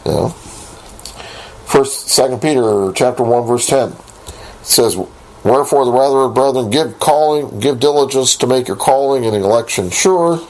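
A man teaching a Bible lesson, reading scripture aloud and posing rhetorical questions in a deliberate way. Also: medium pitch, rough recording. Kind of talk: recorded Bible study lesson.

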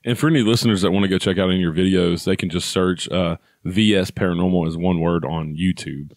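A man's voice: deep voice, steady tone, fast talker, no echo, studio quality. A man hosting a paranormal podcast, chatting casually with his guest and pointing listeners to the guest's channels. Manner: friendly, plugs guest's channels. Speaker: podcast host. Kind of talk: casual interview.

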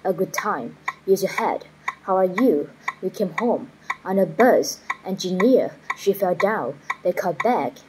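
A woman reading short practice phrases aloud one at a time, in an even, measured way, as in a pronunciation drill. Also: lowish voice, noisy background.

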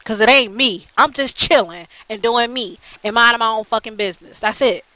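A woman's voice: a little high, brisk, pushed and bright, no room sound, rough recording. A woman ranting bluntly in a heated, profane monologue to her channel, full of fillers and restarts. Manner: blunt, heated, heavy swearing; frequent fillers and repeated restarts. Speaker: channel host.

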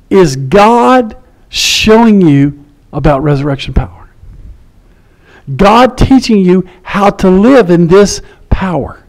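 A male pastor delivers a sermon with a high-pitched voice. He is animated and acts out the people he quotes, shifting his voice for each one. His tone moves between emphatic peaks and softer, lower asides. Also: poor audio.

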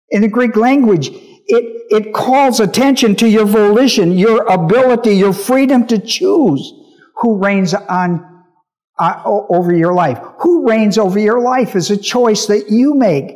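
Emphatic high-voiced male pastor. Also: unhurried, darkish tone. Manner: emphatic, repeats key phrases, checks listeners' understanding. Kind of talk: Bible teaching sermon.

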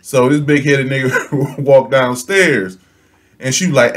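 A young storytelling vlogger delivers a comedic storytime on his own channel, speaking at a medium pitch and a little slowly. He's animated and slangy, laughing as he acts out the people in his story.

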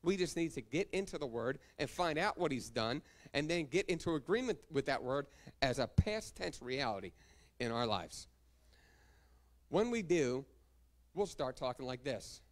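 Guy preaching a sermon, slightly high voice, reads verses, asks for amens. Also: big pitch swings, moderate pace. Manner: preaching, reading scripture references and calling for amens. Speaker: pastor.

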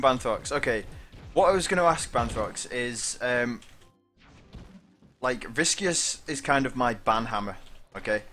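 A man chats away on his game stream, greeting viewers one after another and laughing easily. His voice sits at an ordinary middle pitch, and soft music plays in the background. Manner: chatty, greets viewers by name, laughs often. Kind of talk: casual live-stream chat.

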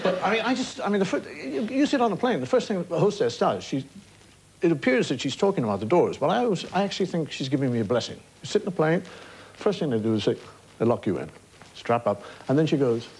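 A man's voice: a little high, quick pace, low-quality recording. A man in his fifties with an Irish accent, a chat show guest telling comic stories with wry asides and acted-out punchlines. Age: 50s. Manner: animated anecdotes with wry asides, acting out punchlines. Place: TV studio before an audience. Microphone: studio broadcast mic. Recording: old TV broadcast with loud hiss and studio audience laughter.

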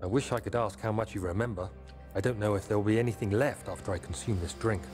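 An actor playing a man's recorded note voice, grave and urgent, with a solemn, measured reading. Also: on the low side, a little mellow, close to an everyday voice. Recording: long reverb with music behind.

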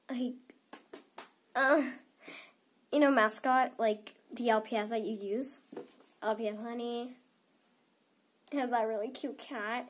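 A teenage girl with a slightly high voice and a blocked, stuffy nose talks casually to camera. She giggles often and rambles, filling her sentences with "like". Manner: giggly and rambling, many "like" fillers. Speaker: toy unboxing vlogger.

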